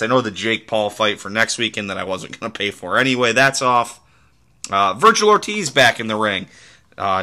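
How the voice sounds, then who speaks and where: A man's voice: on the low side, sharp tone. A young adult man from the American Midwest hosting a casual solo podcast, telling rambling stories full of fillers and restarts. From Midwest United States. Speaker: podcast host.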